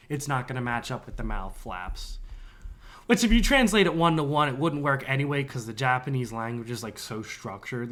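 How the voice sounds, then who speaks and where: A man's voice: mid-range voice, fairly bright tone. Laughing, rambling man in casual chat. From northern United States. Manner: rambling, laughs often, trails off. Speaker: podcast co-host.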